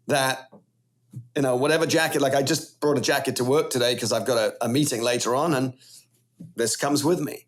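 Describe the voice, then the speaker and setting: A middle-aged Welsh man telling stories as a podcast guest, animated and rambling in casual chat. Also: on the high side, normal speed, gravelly. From Wales.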